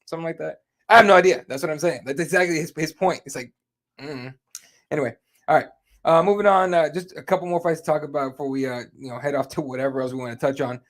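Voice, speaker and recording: Easygoing man from Arizona, slightly high voice. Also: fast, fairly bright tone. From Arizona, USA. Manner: easygoing, laughs often, agreeable. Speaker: podcast co-host reading live chat. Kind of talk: casual podcast chat.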